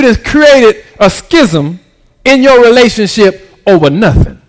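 A man with a high voice preaching a sermon. He keeps checking in with the congregation and swings from near-whispered asides up to loud, excited peaks. His grammar is loose and conversational. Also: a little slow. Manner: preaching with call-and-response, swinging from hushed to shouted; casual vernacular grammar. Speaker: pastor.

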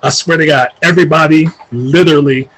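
A man casually telling a long story, animated and profane, acting out what people said. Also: on the high side, brisk, a little hiss or hum, low-quality recording. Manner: animated, profane, acts out quoted voices.

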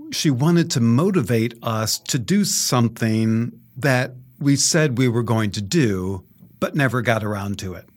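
A middle-aged male priest reading scripture and preaching in a conversational storytelling way, chuckling often. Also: mid-range voice.

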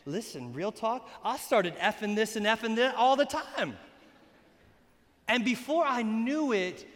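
A man pastor preaching an energetic, joking sermon at a baptism, sometimes bursting into shouts. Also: sits high. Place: church sanctuary during a baptism. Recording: echoey hall.

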